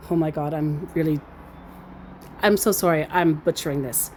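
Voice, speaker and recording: A woman's voice: low-pitched, fairly even intonation, a little mellow, a little hiss or hum. A woman recounting a chat with a scammer in a casual, amused storytelling manner, often laughing. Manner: slow, amused, reads out quotes with laughs.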